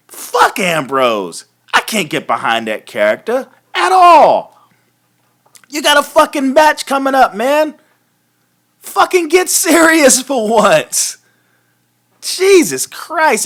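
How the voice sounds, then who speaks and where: A man's voice: very high voice, pushed and bright. A man hosting a live wrestling recap, ranting casually and profanely, often laughing. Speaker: host of a wrestling recap show.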